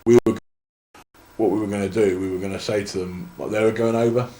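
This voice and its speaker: A very deep-voiced young man with an English accent, chatting loosely through a long anecdote and often circling back to restart his sentences. The sound is roomy and echoey, with a faint hiss underneath. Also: fairly even intonation, fast, dark tone. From England. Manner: rambling anecdotes full of restarts and laughter. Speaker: interview guest, wrestler. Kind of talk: casual storytelling. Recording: echoey room.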